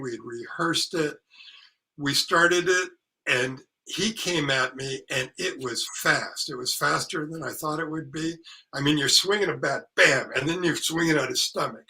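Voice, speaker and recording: An older man, an actor and author, telling anecdotes in casual conversation, lively and salty, acting out what others said. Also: fairly high pitch, poor audio. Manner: lively storyteller, salty language, acts out quotes. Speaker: actor and author, podcast guest.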